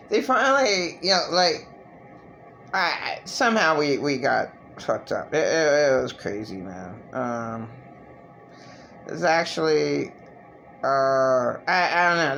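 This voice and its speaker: A woman speaking alone to camera in a slow, unhurried personal monologue. Her voice has a gravelly fry, and her sentences stall and restart. She swears freely, with a faint hum of room ambience behind her. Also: deep voice, fairly bright tone. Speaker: vlogger.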